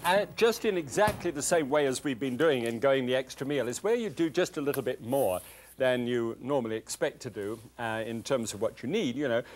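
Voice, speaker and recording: A man's voice: medium pitch, lively intonation, normal speed, faint music behind. An older man, demonstrating a recipe in a chatty, enthusiastic way as a cooking show host.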